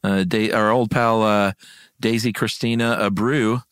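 Male podcast host, low voice, dry studio sound, casual and chuckly while reading out names. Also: fairly even intonation, a little slow, a bit bright, clear, resonant tone, dry recording. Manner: reads listener comments aloud, chuckling, stumbling over names. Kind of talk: casual chat.

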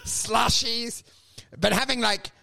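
A man with a gravelly voice, co-hosting a casual podcast chat and telling animated, loud stories full of swearing and acted-out quotes. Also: very high voice, takes it slowly, background noise. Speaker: podcast co-host and stand-up comedian.

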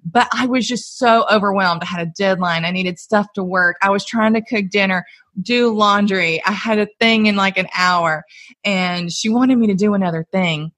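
A woman, a mother and guest, telling stories in an animated, casual way and laughing often as she talks. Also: mid-range voice, normal speed. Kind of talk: casual conversational storytelling.

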